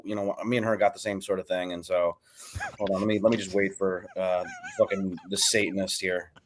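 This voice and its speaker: A man co-hosting a casual chat show, speaking in a blunt, deadpan way. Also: low-pitched, brisk. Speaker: co-host.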